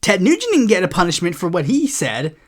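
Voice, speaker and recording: A woman's voice: lowish voice, wildly swooping pitch, fairly quick. A woman hosting a political commentary show, ranting in a heated, profane way and rambling with many restarts. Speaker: host.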